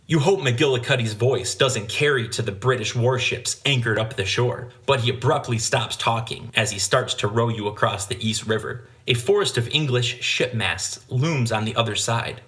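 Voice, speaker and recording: A man's voice: medium pitch, moderate pace, hardly any pauses, a bit bright. A man hosting a gaming channel, reading a gamebook aloud with casual, joking asides.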